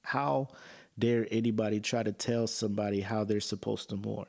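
Man, podcast host, personal monologue, low-pitched, earnest, emotional, loose and conversational. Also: little pitch movement, fairly quick, creaky, darkish tone.

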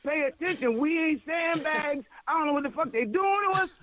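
A man with a strikingly high voice co-hosts a casual podcast. He rants loudly and swears freely, talking in a rough, blunt way. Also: lively intonation, fast talker, no room sound, rough recording. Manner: loud, profane ranting. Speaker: podcast co-host.

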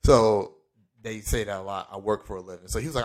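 A young man from Florida on a podcast, telling a story in casual chat and acting out the people in it with sudden jumps in his voice. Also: fast talker. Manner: animated storyteller, acts out quoted lines with big pitch jumps, laughs often. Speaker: podcast co-host.

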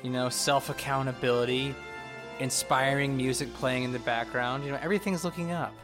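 A man's voice: medium pitch, fairly even intonation, a little fast, music in the background. A man co-hosting a casual movie podcast, speaking with enthusiasm and laughing as he goes. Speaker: podcast co-host.

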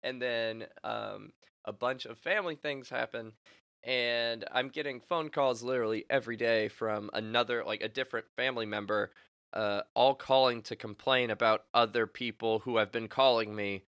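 A young man co-hosting a podcast, chatting casually and telling animated stories with lots of laughter and acted-out quotes. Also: mid-range voice, normal speed, smooth, no room sound, clean studio sound. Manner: laughs often, animated storytelling with voiced quotes. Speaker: podcast co-host. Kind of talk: casual chat.

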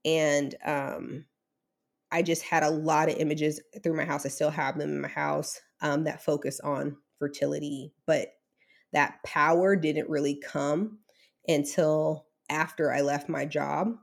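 A woman's voice: low voice, little pitch movement, measured pace, creaky. A woman in her thirties, an interview guest telling a candid, emotional personal story with many fillers.

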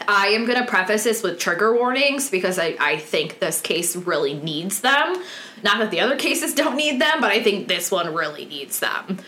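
A woman's voice: medium pitch, lively intonation, normal speed, sharp tone. A woman hosting a true crime podcast, telling the case in a candid, casual way with many ums. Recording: roomy echoey room.

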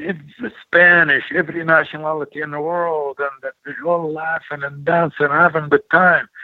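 An older man from Iraq, a former wrestler, telling animated stories as an interview guest and acting out quoted voices. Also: fairly high pitch, no echo. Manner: animated storyteller, acts out quoted voices, broken English. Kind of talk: storytelling in an interview. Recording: tinny phone-like audio, dry.

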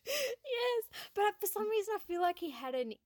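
A woman's voice: extremely high pitch, very animated, normal speed, dry recording. A woman chatting casually on a podcast, giggly and self-deprecating. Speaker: podcast co-host. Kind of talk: casual chat.

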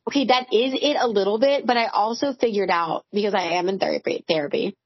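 Candid, husky-voiced woman in her forties. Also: medium pitch, fast talker, no room sound, highs cut off. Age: 40s. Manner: candid, swearing, storytelling with lots of "like". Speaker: podcast co-host. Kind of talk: casual chat.

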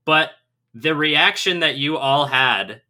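A young man co-hosting a casual podcast, jokey and chatty, quick to laugh. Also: a little high, bright, forceful tone. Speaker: podcast co-host.

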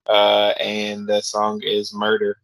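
A man co-hosting a podcast in casual chat, relaxed and a bit hesitant. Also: fairly low pitch, slow, no room sound, low-quality recording. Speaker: podcast co-host.

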